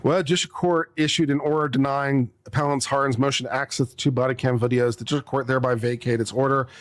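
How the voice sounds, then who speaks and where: Guy speed-reading court stuff off a clip, mumbly, super fast. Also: medium pitch, fairly even intonation. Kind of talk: reading a legal brief aloud with commentary.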